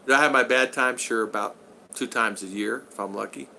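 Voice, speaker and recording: An older man from Utah hosts a casual livestream from his home, chatting and rambling through viewer questions in an upbeat mood. His voice is bright and forceful. A faint hiss of background noise runs under the talk. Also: medium pitch, brisk, vocal fry. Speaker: livestream host. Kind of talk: casual livestream chat reading viewer comments. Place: home in the Philippines.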